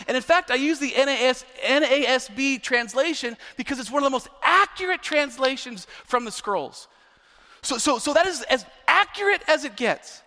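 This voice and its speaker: A male pastor preaches in a bright, high voice that swoops up and down, pressing each point hard and repeating words as he climbs toward a near-shout. His sermon rings out with the long reverb of a large hall. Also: expressive, normal speed.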